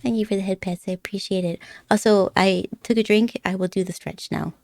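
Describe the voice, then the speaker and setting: A woman's voice: mid-range voice, fairly even intonation, fairly quick, vocal fry, darkish tone, dry recording, clean studio sound. A young woman streaming from home at a desk mic, chatting casually with viewers in a giggly, rambling way and sounding a little nervous. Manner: giggly, chatty, rambling, puts on silly accents. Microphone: desk microphone.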